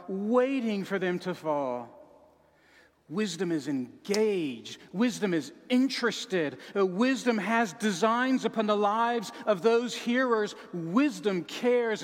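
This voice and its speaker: High-voiced preacher in a reverberant hall. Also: male voice. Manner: dramatic, shifts between soft sorrowful and shouting. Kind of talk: sermon.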